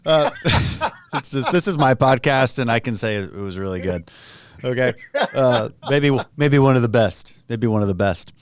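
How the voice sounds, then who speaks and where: A man hosting his podcast, relaxed and joking yet blunt when he argues a point. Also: medium pitch, normal speed. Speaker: podcast host. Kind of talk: casual conversational interview.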